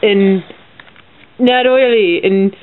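A woman's voice: medium pitch, very slow, narrow, tinny audio. A woman chatting and joking as she plays with toy wrestling figures and dogs, giggling often. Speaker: vlogger filming with a friend. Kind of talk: casual chat playing with toy figures and dogs.

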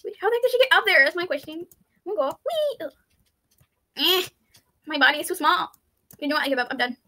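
A woman giving excitable, chatty gameplay commentary, thinking aloud and pleading loudly when things go wrong. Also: high-pitched, fast talker. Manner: thinks aloud, with frequent "let's see" and "I don't understand". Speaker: YouTuber playing an online game.

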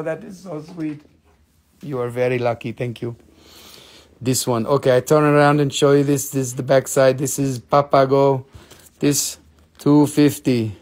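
A haggling gem dealer in broken English, teasing buyers with cheeky price talk, as a man puts him on. The voice has a gravelly, creaky grain at an ordinary middle pitch. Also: darkish tone.

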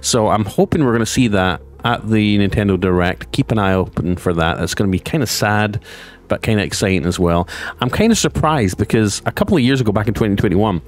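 A man presenting a casual gaming news vlog. He rambles excitedly, with lots of restarts and side remarks, and his pace swings between fast and slow. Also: fairly low pitch. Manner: chatty and rambling, with frequent restarts and asides.

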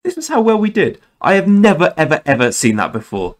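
A man's voice: fairly high pitch, very animated, a little fast. A young man hosting a gaming channel, talking casually and rambling through game commentary, often correcting himself and swearing now and then. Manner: rambling, self-correcting, chatty with mild swearing.

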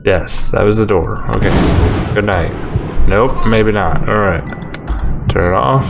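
A man's voice: fairly low pitch, takes it slowly, gravelly, over music. A man casually commenting as he plays a horror game, muttering exasperated reactions. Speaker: gamer playing a horror game. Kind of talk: casual let's-play commentary.

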